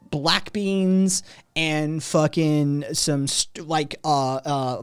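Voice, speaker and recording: A man hosting a livestream, telling a rambling, profane story to his chat with lots of "right?" asides. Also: on the high side. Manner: rambling, heavy swearing, frequent "right?" asides. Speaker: livestream host.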